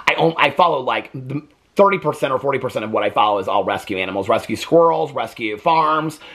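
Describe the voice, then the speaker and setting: A young man gives a casual spoken review of a TV series. He rambles and restarts his sentences, with plenty of "like" and "um". His voice sits at an ordinary middle pitch. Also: lively intonation, quick pace, a bit bright. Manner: rambling, conversational, with many fillers and restarts. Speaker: TV review vlogger.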